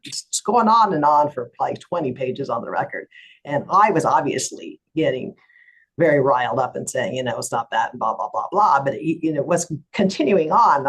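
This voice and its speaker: Husky-voiced woman telling a lively story. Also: sits low, rough recording. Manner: animated retelling, acts out other voices. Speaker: lawyer and guest. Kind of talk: storytelling in an interview.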